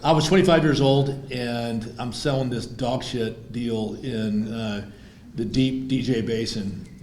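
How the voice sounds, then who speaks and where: A man's voice: mid-range voice, measured pace, a little mellow, slight background noise. A man, the guest of honor at a dinner, telling stories in a blunt, informal way with salty language. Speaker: guest of honor, oil executive. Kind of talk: casual anecdotal storytelling. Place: banquet hall. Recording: echoey room.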